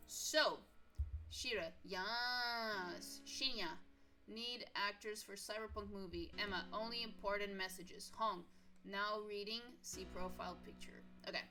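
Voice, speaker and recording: Female streamer, casual game commentary, thinks aloud, bright crisp voice. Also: mid-range voice, a little slow, soft background music. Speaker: gaming streamer. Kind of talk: reading and commenting while playing a story game.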